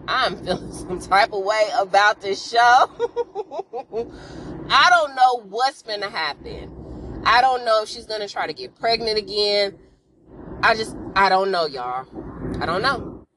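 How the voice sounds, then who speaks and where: A woman talks through a TV episode like she's catching up a friend, tossing in sassy asides and calling out to her listeners. Her voice sits at an everyday middle pitch. She keeps it loose and conversational from start to finish. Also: animated, measured pace, bright, forceful tone, a little hiss or hum, low-quality recording. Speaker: podcast host. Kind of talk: casual TV episode recap.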